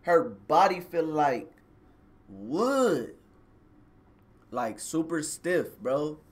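Casual male streamer, a touch high-pitched, loose slangy storytelling to his audience over a phone mic. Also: very animated, very slow. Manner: slangy, rambling, addresses viewers directly. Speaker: live streamer telling a personal story.

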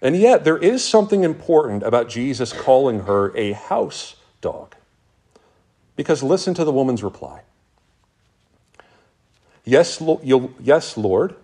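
A man preaching a sermon as pastor, reading scripture passages aloud with earnest, dramatic pauses. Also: mid-range voice, very animated, dark tone, breathy edge.

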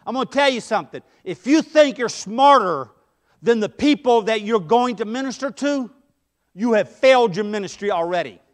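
A man with a high voice preaches a sermon in a church. His delivery feels conversational, with stories from his own life worked in between the points. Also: expressive, moderate pace. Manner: conversational preaching with storytelling asides. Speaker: pastor. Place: church sanctuary.

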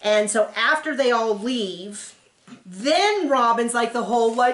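A woman's voice: sits high, expressive, unhurried. A woman doing a casual, chatty reaction recap of a TV episode, with sarcastic asides. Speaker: TV recap reviewer. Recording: roomy echo.

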